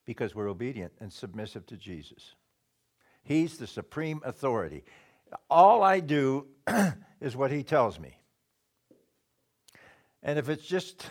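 A man preaching a sermon in a slow, deliberate way, pausing often and clearing his throat now and then. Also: medium pitch, big pitch swings.

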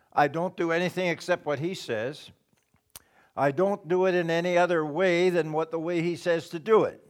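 A man preaching a sermon in a slow, deliberate way, pausing often and clearing his throat now and then. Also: a little high.

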